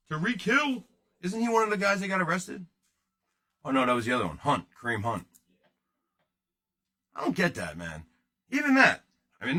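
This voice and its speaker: Guy hosting a card break stream, goofy rambling chatter, kinda high and bright voice. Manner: joking, rambling, talks to chat. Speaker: host of a card-breaking livestream. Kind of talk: casual livestream chat.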